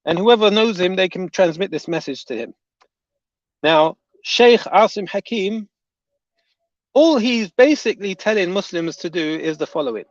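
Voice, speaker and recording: A man's voice: high-pitched, expressive, normal speed, no room sound. A man delivering a heated, indignant reaction rant as an online commentator, often repeating his points. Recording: dull, dry lo-fi audio.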